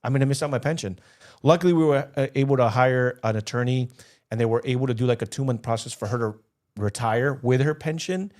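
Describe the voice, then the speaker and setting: A young man from the Los Angeles area co-hosts a casual podcast. He talks in an impassioned way, often doubling up his words as he goes. His voice sits at an ordinary middle pitch for a man. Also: darkish tone. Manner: emotional, repeats words when worked up. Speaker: podcast co-host. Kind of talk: casual podcast chat, storytelling.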